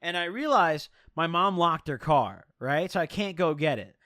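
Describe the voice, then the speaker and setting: A young man spins a story for his stream in loose, swearing slang, his voice sitting a bit high and swooping up and down. The sound is close and dry. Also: lively intonation, normal speed, a bit bright, no echo. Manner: profane, rambling, slangy. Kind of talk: casual storytelling.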